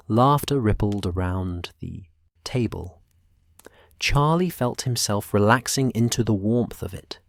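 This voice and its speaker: Soft-spoken low male sleep-story narrator. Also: no room sound, clean studio sound. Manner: slow, soft, partly whispered.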